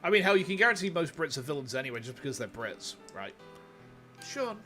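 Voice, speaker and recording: A man's voice: medium pitch, expressive, quick pace, sharp tone. A man with a Yorkshire accent chatting crudely and animatedly while streaming a video game. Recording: game music underneath. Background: game music.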